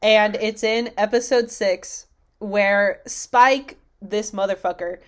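A woman's voice: mid-range voice, slow pace. A young woman in casual chat, swearing freely and acting out quotes with big bursts of energy. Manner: animated, swears a lot, acts out loud quotes.

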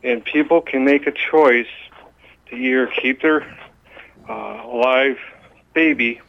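A man calling in to a radio show, speaking in an earnest, halting way. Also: mid-range voice, vocal fry. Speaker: caller. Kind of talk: phone-in call. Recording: dull phone line with faint hiss.

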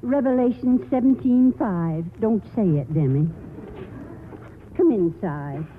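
A woman's voice: medium pitch, expressive, slow pace, a little hiss or hum. An actress playing a worried, pious elderly grandmother in a 1940s radio play. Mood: weary. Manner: fretful, scolding gently. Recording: tinny old radio broadcast with reverb.

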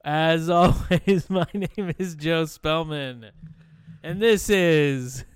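A man's voice: a little high, extremely slow, clear, resonant tone, no echo, studio quality. A man hosting a podcast over a video call, rambling with many fillers and frequent swearing. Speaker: podcast host.

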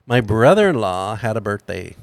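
A middle-aged podcast host tells a funny family story in a casual way, acting out the voices of the people he quotes. His voice is fairly low and creaky, his pace moderate, and the recording has no echo.

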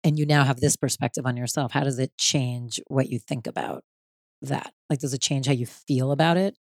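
A host asking quick, probing follow-up questions in a relaxed interview chat. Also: medium pitch, no room sound, studio quality.

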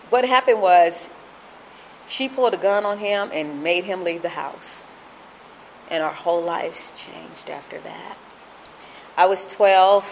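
A woman in her fifties from Compton giving an emotional, halting recovery testimony, often repeating herself. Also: on the low side, a little hiss or hum. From Compton, California. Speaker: speaker sharing at a recovery fellowship.

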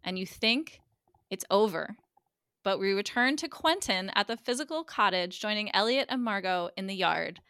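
A woman guest co-host casually recapping a TV episode on a podcast, chatty and quick to act out characters' lines. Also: mid-range voice, animated, pushed and bright, clear, resonant tone, no room sound, studio quality.

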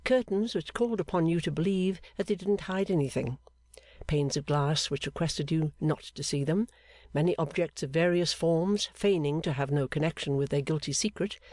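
A man reading a classic novel aloud in a measured, expressive way. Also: on the high side. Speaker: audiobook narrator. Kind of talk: scripted narration of a classic novel.

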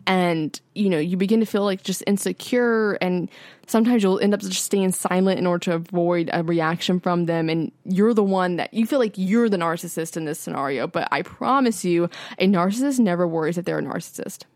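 A woman's voice: lowish voice, brisk, darkish tone, no echo. A woman guest chatting casually and candidly, swearing freely and leaning on "like" as she tells her story. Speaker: podcast guest. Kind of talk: casual chat.

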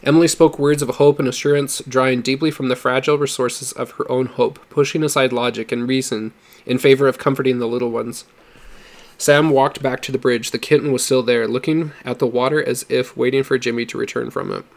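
A man reading a story aloud in a steady, measured narration. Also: medium pitch. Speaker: audiobook reader.

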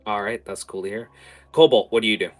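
A man narrating a tabletop game as its game master, animated and full of filler words. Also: on the low side, fast talker.

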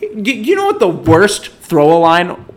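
Ranting male co-host, fairly high voice, fed-up review chat with sudden loud bursts. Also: wildly swooping pitch, unhurried. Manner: exasperated, ranting, swings into loud outbursts.

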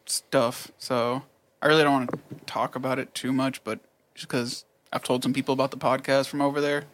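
A man's voice: medium pitch, a bit bright. A man co-hosting a podcast, venting bluntly about work with heavy swearing. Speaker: podcast co-host. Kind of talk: casual chat.

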